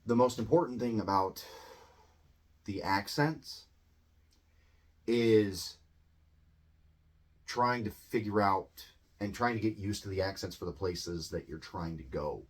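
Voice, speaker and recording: A man with a Midwestern American accent teaching English in a relaxed, conversational way, often checking in with tag questions. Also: fairly low pitch, slow pace, pauses often, slightly rough. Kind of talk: casual explanatory lesson.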